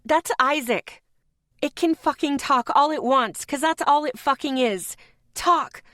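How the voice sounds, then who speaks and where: A woman voicing a tough, protective young woman who shouts and swears in an audiobook. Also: high voice, measured pace, no room sound, studio quality, voice pushed up. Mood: furious shouting.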